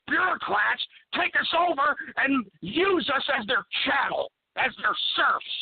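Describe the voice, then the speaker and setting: A man's voice: very high voice, lively intonation, a little slow, vocal fry, few pauses. A man hosting a radio talk show, ranting angrily and exasperatedly with lots of swearing. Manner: swears a lot. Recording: tinny phone-like radio audio.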